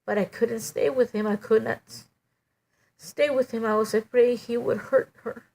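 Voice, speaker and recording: A middle-aged woman giving a halting, emotional personal testimony, full of "you know" and restarts. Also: fairly high pitch, fairly even intonation, vocal fry, a little mellow.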